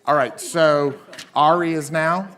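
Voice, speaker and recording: A man's voice: on the high side, fairly even intonation, slow pace, fairly bright tone. Joking Southern man hosting a stage. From South Carolina. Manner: joking, teasing, loose. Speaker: conference emcee. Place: conference stage.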